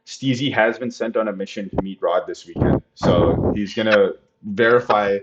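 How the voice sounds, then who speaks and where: A fairly low male voice hosting a casual sports podcast. He talks loosely and is full of fillers. The audio is dull and lo-fi. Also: moderate pace, heavy background noise. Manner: relaxed, filler-heavy, "like" and "uh" often. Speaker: podcast host. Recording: dull lo-fi recording.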